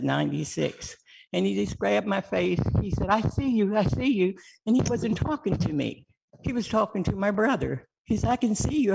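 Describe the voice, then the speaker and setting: A woman's voice: low-pitched, creaky, a little mellow, slightly rough, low-quality recording. A woman, a community TV producer, telling a chatty story at a council meeting and acting out the quoted voices. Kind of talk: public comment storytelling.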